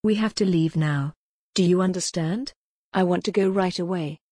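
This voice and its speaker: A woman's voice: on the low side, normal speed, warm tone, no room sound, studio quality, lightly acted. A woman voicing a frightened young woman who speaks urgently and insistently in an audiobook. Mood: anxious. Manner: urgent, demanding.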